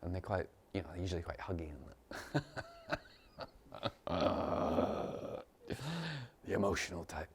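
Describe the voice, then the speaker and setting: A man teaching meditation in a casual, rambling way, repeating phrases, chuckling often and mimicking people in sudden high voices. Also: steady tone, a little slow, pauses often, slight background noise. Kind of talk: informal spiritual talk.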